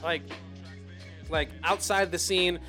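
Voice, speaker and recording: A young man co-hosting a casual podcast, excitedly retelling a show scene with sound effects and swearing. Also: high voice, slow, faint music behind. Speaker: podcast co-host. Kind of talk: casual chat.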